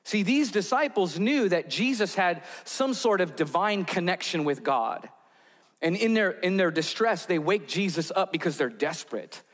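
A man preaches a sermon in a large hall, and his voice rings out with a long reverb. His voice sits a little high. He builds tension by walking listeners through vivid, imagined scenes. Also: lively intonation, normal speed, a bit bright. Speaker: pastor.

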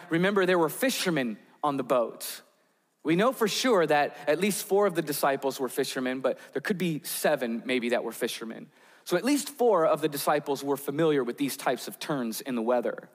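A man preaches a sermon in a large hall, and his voice rings out with a long reverb. His voice sits a little high. He builds tension by walking listeners through vivid, imagined scenes. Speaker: pastor.

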